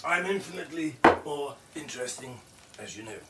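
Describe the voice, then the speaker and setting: A man plays a brash, foul-mouthed Scottish TV chef, pompous and rambling, with a fairly high voice. He sounds a little away from the mic in an echoey kitchen, with pans and cutlery clattering behind him. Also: animated, a little fast, far from the mic, heavy background noise. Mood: boastful. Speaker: cooking show host. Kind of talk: comedic cooking show.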